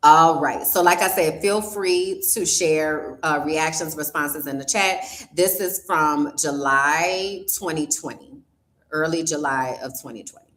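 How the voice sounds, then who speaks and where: A woman's voice: low voice, unhurried, fairly bright tone. A woman host chatting casually with her livestream audience, a little flustered and talking straight to her chat. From New Orleans. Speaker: podcast host. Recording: roomy echo.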